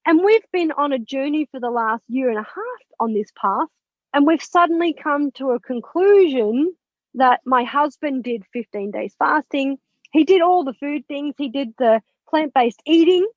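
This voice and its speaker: A woman telling a personal story as a podcast guest, animated and candid, with swearing and laughter. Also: sits high, normal speed, dry recording. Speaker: podcast guest, spiritual mentor. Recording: dull lo-fi, dry sound.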